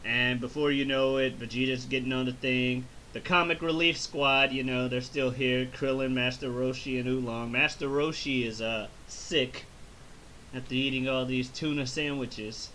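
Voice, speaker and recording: A man's voice: medium pitch, normal speed, slight background noise. A man hosting a casual movie review, recapping the plot with profanity and constant acted-out bits. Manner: animated recap, profane, laughing. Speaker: reviewer and host.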